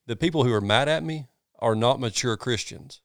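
A man's voice: mid-range voice, normal speed, clear, resonant tone, no room sound, studio quality. A man, a pastor talking in a casual chat, earnest and folksy, with many restarts.

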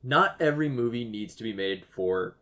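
A man's voice: lowish voice, expressive, moderate pace, a bit bright. Ranting profane man in his thirties. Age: 30s. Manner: ranting, profane, heavy use of "like". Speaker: podcast co-host. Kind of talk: casual movie-review chat.

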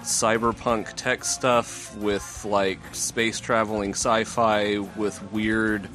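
A man co-hosting a casual podcast, talking in a rambling way with halting restarts. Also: fairly low pitch, flat delivery, a bit bright, soft background music. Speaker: podcast co-host.

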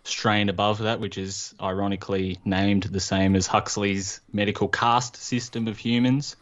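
Deep flat-voiced man, lo-fi line. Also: normal speed. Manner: filler-heavy, rambling. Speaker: podcast guest. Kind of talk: casual podcast chat. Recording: dull lo-fi line.

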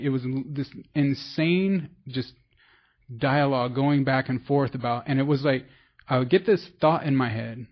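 A man's voice: mid-range voice, muffled recording. A man from the San Francisco Bay Area telling his recovery story in a rambling, self-deprecating way, with many restarts. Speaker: recovery meeting speaker. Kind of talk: personal testimony.

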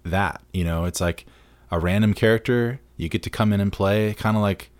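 A man's voice: lowish voice, normal speed, no echo. A man co-hosting a film podcast, talking in an eager, rambling way full of "like" and "you know.". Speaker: podcast co-host. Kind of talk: casual movie chat.

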